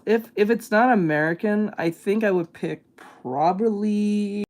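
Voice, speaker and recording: A man's voice: high voice, unhurried, a little mellow. Rambling, hesitant male streamer. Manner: rambling, hesitant, full of fillers and restarts. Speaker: art streamer reacting to videos. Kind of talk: casual live-stream chat.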